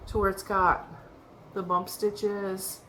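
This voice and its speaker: A woman's voice: mid-range voice, flat delivery, takes it slowly, a bit bright. A woman vlogger in a casual show-and-tell chat about her crochet projects, rambling and laughing often. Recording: echoey room with faint background noise.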